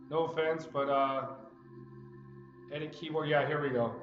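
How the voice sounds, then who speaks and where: A man's voice: on the high side, steady tone, normal speed, a bit bright. A man talking his way through a loose, rambling screen-recording vlog, chatty and digressive. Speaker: real estate group admin making a tutorial. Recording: roomy, slightly dull sound with music behind.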